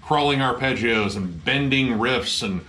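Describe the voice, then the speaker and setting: A man casually reviewing a metal album with excited energy, swearing often and filling his talk with "like". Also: medium pitch, a little slow, slight background noise. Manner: excited, swears a lot, many "like" fillers.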